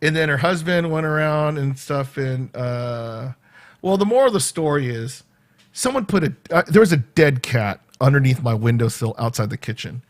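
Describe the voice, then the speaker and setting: Vlogging from his home, a man with a medium-pitched voice speaks at a moderate pace. He tells a rambling story to the camera in an animated way, often breaking off with "right?" and laughing.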